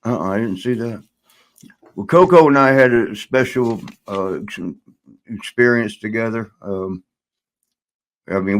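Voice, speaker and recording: An older man, a guest in a shoot interview, telling a rambling story and laughing now and then. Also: on the low side.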